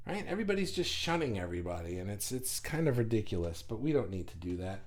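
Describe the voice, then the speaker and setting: A middle-aged man from New York hosting a livestream in a fast, rambling and animated way, reading viewer comments aloud. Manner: fast, animated and rambling, with big pitch jumps. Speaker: group host reading comments. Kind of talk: casual livestream chat.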